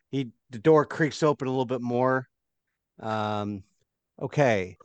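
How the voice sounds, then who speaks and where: A man narrating as game master, halting and full of fillers. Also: mid-range voice, darkish tone, clean tone, no room sound, highs cut off.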